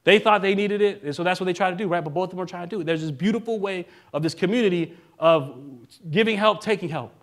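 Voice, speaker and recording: A male minister giving a relaxed, conversational sermon, joking now and then and often checking in with the congregation. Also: sits high, fast talker, few pauses. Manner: casual and joking, keeps asking the congregation "right?".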